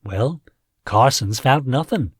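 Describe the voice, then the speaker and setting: A man's voice: mid-range voice, lively intonation, slow, breathy edge, no room sound, clean studio sound. A man voicing an irritable alien police officer who mutters in frustration. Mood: frustrated.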